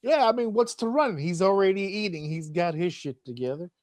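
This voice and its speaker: A man's voice: sits high, a little fast, no room sound. Podcast host, male, casual comic banter, acts out voices, dry close recording. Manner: animated storyteller, acts out voices, laughs often. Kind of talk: casual comedic chat.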